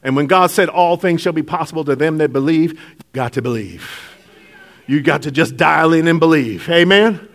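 Animated high-voiced male preacher. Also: normal speed. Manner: animated preaching, swings from hushed to shouting, laughs often. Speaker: pastor. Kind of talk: sermon.

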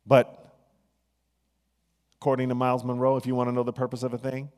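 A man preaching a sermon, swinging between hushed, drawn-out phrases and loud, excited bursts. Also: mid-range voice. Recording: long hall reverb.

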